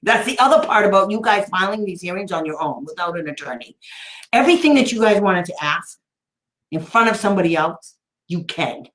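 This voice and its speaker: A woman's voice: medium pitch, animated, a little fast. Blunt, laughing woman advocate in echoey room. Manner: blunt, laughs often, sarcastic asides. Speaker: special education advocate. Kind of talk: casual storytelling talk.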